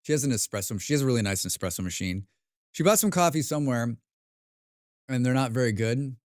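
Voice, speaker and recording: A man's voice: mid-range voice, expressive, fairly quick, darkish tone, no room sound, studio quality. An American man chatting casually while streaming a game, rambling and swearing with self-mocking asides. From United States.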